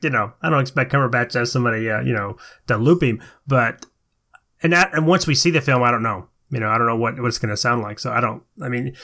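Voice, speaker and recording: A man's voice: medium pitch, vocal fry, sharp tone. A man co-hosting a podcast in casual chat, conversational with hesitant restarts. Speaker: podcast co-host.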